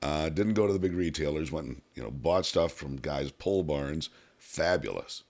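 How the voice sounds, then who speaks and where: A man's voice: a bass voice, expressive, moderate pace, a little mellow. A middle-aged man hosting a talk radio show, chatting casually and giving his opinions.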